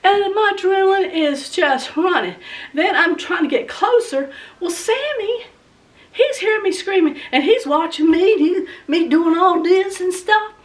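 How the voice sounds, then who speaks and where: A woman's voice: extremely high pitch, expressive, measured pace, recorded from a distance. A woman vlogger telling a story dramatically and acting out the scenes for her viewers. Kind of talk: animated storytelling vlog.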